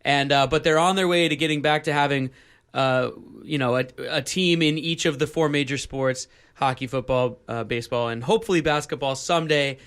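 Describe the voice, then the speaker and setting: Jokey male radio host, a bit high. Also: a little fast, fairly bright tone, clear, resonant tone. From Seattle. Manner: jokey, playful, drifts into silly bits. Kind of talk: casual radio banter. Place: radio studio.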